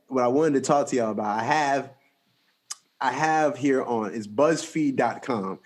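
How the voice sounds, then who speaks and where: A young man hosting a podcast, telling a story in a casual, animated, slangy way. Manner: animated, slangy storytelling with big pitch jumps. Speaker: podcast host.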